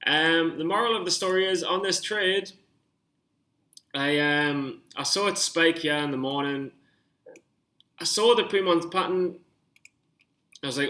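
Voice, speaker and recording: A young man talking through his stock trades on screen, rambling and getting excited, swearing when worked up. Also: fairly high pitch, unhurried, long pauses. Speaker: stock trading vlogger. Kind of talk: casual screen-share commentary.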